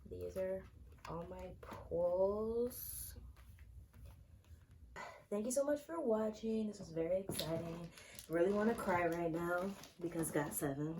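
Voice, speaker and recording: A woman's voice: lowish voice, slow pace, pauses often, dark tone, a little hiss or hum. A young woman unboxing an album in a casual vlog, gushing and repeating her exclamations. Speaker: unboxing vlogger.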